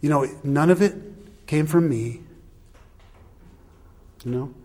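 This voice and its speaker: A man with a husky edge to his voice shares a long personal anecdote. He rambles, restarts and chuckles at his own expense. The tone is casual and unpolished. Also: fairly high pitch, slow, mellow. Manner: rambling, self-deprecating, laughs often. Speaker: husband sharing a personal story. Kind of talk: casual storytelling.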